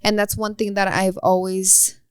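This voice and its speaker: A woman's voice: medium pitch, level tone, measured pace, clean tone, dry recording, clean studio sound. A woman co-hosting a podcast, telling stories about parenting in casual chat and mixing in Spanish lines. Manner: storytelling, mixes in Spanish lines. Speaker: podcast co-host; mother.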